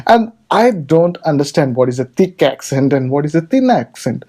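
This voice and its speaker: Earnest man with a dark voice, hosting. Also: a little high, very animated, normal speed. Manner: earnest, repeats words when searching. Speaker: podcast host. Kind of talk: casual conversation.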